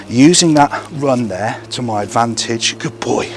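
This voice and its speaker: A man's voice: mid-range voice, unhurried, slight background noise. A man training a young gundog outdoors, explaining to camera between short bursts of praise and commands to the dog.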